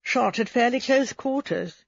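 Brief: woman reading a sober male doctor, clinical and explanatory, husky and dry. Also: a little high, unhurried, no room sound, voice pushed up, full character voice. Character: grave, matter-of-fact country doctor, male. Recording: slightly dull recording.

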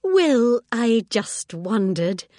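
A mild old spinster detective, read by a woman in an audiobook, asking polite, searching questions. The voice rises and falls in a lively lilt. The recording is close and dry. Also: on the high side, drawn-out words, no room sound, voice pushed up, exaggerated voice. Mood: mild, probing. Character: gentle elderly spinster sleuth, inquisitive. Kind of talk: audiobook character reading.

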